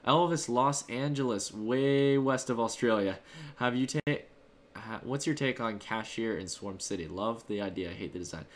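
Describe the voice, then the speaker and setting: A man's voice: medium pitch, normal speed. A man hosting a live stream, answering his viewers' chat messages in a casual, upbeat, rambling way. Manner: loose, rambling delivery with fillers and restarts. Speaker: livestream host.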